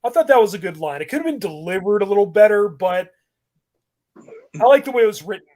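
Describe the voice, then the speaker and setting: Man, high voice, podcast host, casual rant, animated, laughs a lot. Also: brisk. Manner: animated, rambling, laughs often.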